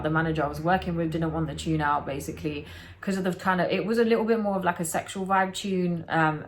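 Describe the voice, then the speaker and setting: Slangy woman telling a story. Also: on the low side. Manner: animated, slangy, swears freely. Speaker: vlogger. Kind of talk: storytime chat.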